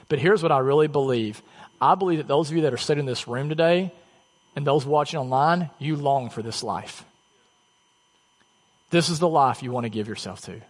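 Conversational pastor in a reverberant church. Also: male voice, on the high side. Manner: conversational, self-deprecating storytelling. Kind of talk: sermon. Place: church sanctuary.

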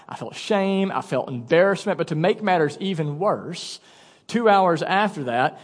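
A man in his thirties preaching a sermon as pastor, telling a story with quick asides and lively energy. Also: a little high, long reverb tail. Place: church auditorium.

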